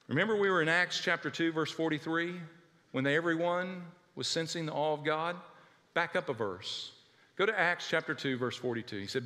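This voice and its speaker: Bright animated male preacher. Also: fairly high pitch, a little fast, long reverb tail. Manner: animated, dramatic storytelling. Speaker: pastor. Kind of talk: storytelling sermon.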